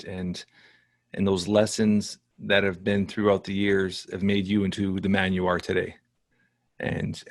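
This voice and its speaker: A man's voice: low voice, no room sound, studio quality. A man hosting a podcast interview, speaking in a reflective, affirming way to his guest. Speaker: podcast host. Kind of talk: conversational interview.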